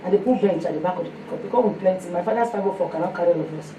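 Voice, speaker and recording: A woman with a Nigerian accent giving a sermon mixed with her own testimony, telling stories in an animated way. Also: fairly low pitch, racing. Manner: storytelling, animated, breaks into song. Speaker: fellowship speaker. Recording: echoey room, mic heard from a distance, faint noise.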